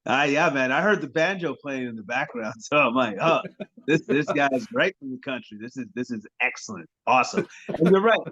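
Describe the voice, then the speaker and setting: A man co-hosting a sports podcast in casual chat, sarcastic and quick to laugh, often repeating his words. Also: mid-range voice, lively intonation, pushed and bright, slightly rough, lo-fi sound.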